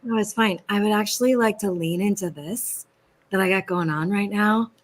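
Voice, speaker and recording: A hoarse woman voice-acting guest, talking earnestly and slowly over a video call. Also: medium pitch.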